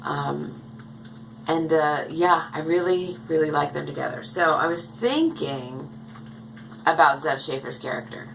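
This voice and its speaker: A woman's voice: deep voice, unhurried, creaky, slight background noise, low-quality recording. A woman chatting casually to the camera in a rambling way as she shows her dolls at home. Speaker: doll collector vlogger. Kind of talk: casual chat. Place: home, indoors.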